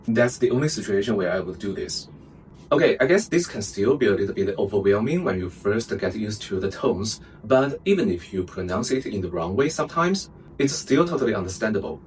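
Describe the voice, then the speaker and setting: Man, patient language teacher, low-set voice; distant mic, light background noise. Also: animated. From China. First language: Mandarin Chinese. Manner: clear, patient, repeats examples slowly. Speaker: Mandarin teacher. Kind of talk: friendly language lesson.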